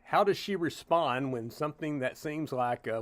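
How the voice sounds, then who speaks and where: Conversational pastor teaching Bible study. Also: male voice, medium pitch, lively intonation, moderate pace. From Tennessee, US. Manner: conversational, with frequent "uh" and "you know" asides.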